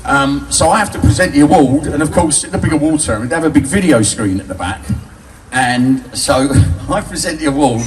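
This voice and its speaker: A man's voice: a little high, animated, brisk, a little hiss or hum. An older English man telling crude, cheeky stories on stage, laughing at his own jokes. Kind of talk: live stand-up storytelling. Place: bar with a live audience. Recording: distant live audience recording.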